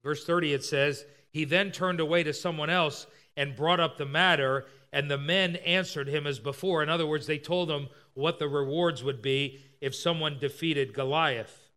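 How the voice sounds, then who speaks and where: Retelling scripture in an expository sermon, this male preacher sometimes briefly voices its characters. His high voice is clear, resonant, bright, and forceful, with fairly even intonation and a moderate pace.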